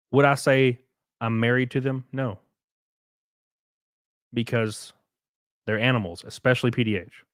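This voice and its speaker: A race car driver hosts a casual livestream, joking around, rambling, swearing, and reading viewer comments. His voice is medium-pitched, with no echo and studio quality.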